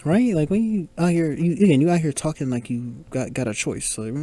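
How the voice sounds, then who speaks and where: A man's voice: on the high side, lively intonation, normal speed, few pauses, mellow, no room sound. A man hosting a podcast, talking casually over a film, exclaiming and joking at the characters as scenes play. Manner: exclaims and reacts aloud to scenes. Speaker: podcast host. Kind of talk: casual movie commentary.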